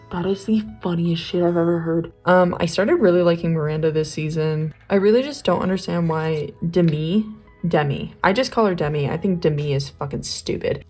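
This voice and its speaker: A woman's voice: on the low side, a little mellow. A young woman chatting casually while she draws, rambling with lots of fillers and slang. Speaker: art vlogger. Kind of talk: casual chat while drawing.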